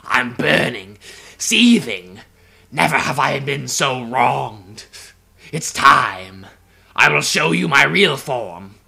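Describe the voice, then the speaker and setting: A man's voice: mid-range voice, sing-song, vocal fry, exaggerated voice. A man hamming up a raging robot villain. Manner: shouted, slow and pompous. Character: blustering male robot villain boss. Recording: game music behind.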